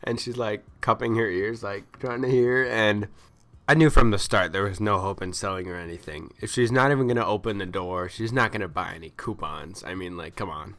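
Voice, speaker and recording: A man ranting in casual storytelling, exasperated and complaining, acting out the people he met in quick quoted lines. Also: fairly low pitch, fairly bright tone. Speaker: vlogger.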